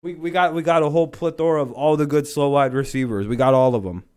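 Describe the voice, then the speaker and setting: His voice is on the high side, with a steady tone and fast pace, a little mellow and smooth. He hosts a livestream where he chats casually about football, rambling, joking, and swearing a lot.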